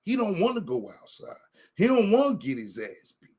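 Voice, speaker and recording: A man's voice: sits high, wildly swooping pitch, moderate pace, a little mellow. A man telling a heated, profane story in a casual chat, acting out what he said. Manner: heated, profane anecdote with acted-out quotes. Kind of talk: animated storytelling.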